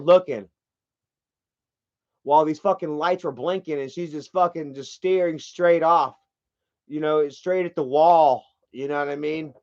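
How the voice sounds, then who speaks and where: A young man telling a rambling, profane story to his viewers in casual chat. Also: high-pitched. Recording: dull lo-fi stream audio.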